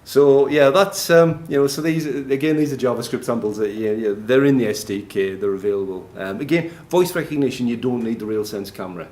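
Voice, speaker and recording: A man's voice: mid-range voice, a little fast, few pauses, darkish tone. A man giving a live technical presentation in a noisy, echoey conference room, chatty and self-deprecating, often laughing. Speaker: conference speaker.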